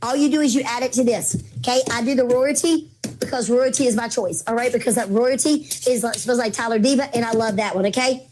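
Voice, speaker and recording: High pitched lady doing a live sale stream, calls everyone baby girl, voice kinda wearing out, little clicks in the background. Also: fairly quick, noisy background. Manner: chatty, calls viewers baby girl and mama. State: losing her voice. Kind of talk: casual live-stream sales chat.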